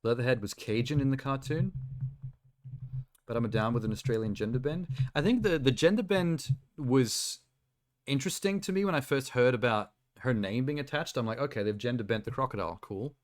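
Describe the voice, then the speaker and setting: A man's voice: mid-range voice, animated, normal speed. A man streaming from home, chatting casually and rambling through his reactions with frequent laughter. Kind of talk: casual live-stream chat.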